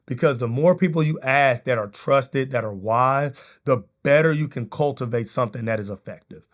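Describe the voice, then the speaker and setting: A man hosting a solo leadership podcast, talking in a casual, energetic way and often checking in with "right?". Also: medium pitch, moderate pace. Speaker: podcast host. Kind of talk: motivational solo podcast talk.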